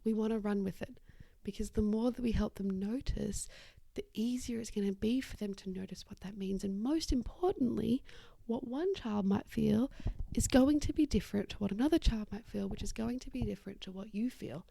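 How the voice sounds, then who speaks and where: A woman's voice: medium pitch, normal speed, gravelly, dry recording. A woman hosting an occupational therapy podcast, explaining ideas in a casual, chatty way and briefly acting out the voices of the people she quotes. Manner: warm explanatory, acts out little quoted voices. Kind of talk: casual educational talk.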